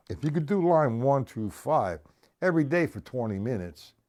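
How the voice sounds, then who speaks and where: A man's voice: medium pitch, big pitch swings, slow, a bit bright. A middle-aged man, teaching drums on a live stream, chatting with viewers and explaining each stroke step by step while counting beats aloud. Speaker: drum teacher. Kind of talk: live-streamed drum lesson.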